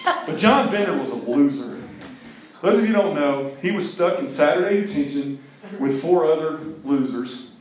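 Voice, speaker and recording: Brief: middle-aged man, animated youth speaker, slightly high voice, mic far off in a boomy hall. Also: normal speed, slight background noise. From Mississippi, US. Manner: animated, jokey, acts out movie scenes and sings snatches. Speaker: speaker to a teen group. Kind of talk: lively sermon talk.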